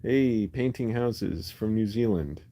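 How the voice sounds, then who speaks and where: A man's voice: fairly low pitch, slow, warm tone. A man chatting casually on a phone live stream from his bedroom at night, rambling with lots of fillers and restarts. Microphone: phone held close.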